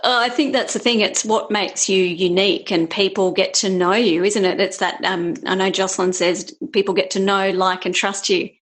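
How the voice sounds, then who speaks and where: A woman's voice: medium pitch, steady tone, moderate pace, few pauses, a bit bright. An Australian woman speaks as a podcast guest, agreeable and thoughtful. Her voice sits in a middle range, conversational and unforced. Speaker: podcast guest, business owner. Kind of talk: casual conversation.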